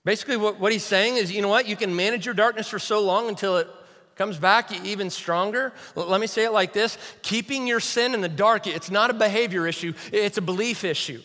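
A man's voice: sits high, a little fast, pushed and bright, in a large hall. A man preaching a sermon as a pastor, conversational and self-deprecating, often asking the audience questions. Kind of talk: sermon with humor.

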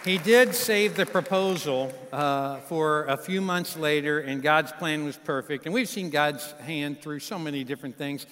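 With a fairly high voice at normal speed and hardly any pauses, a guest pastor in his fifties tells a folksy, warm story within his sermon, turning aside to address the congregation. A faint crowd, slight background noise, and live reverb come through from the large sanctuary.

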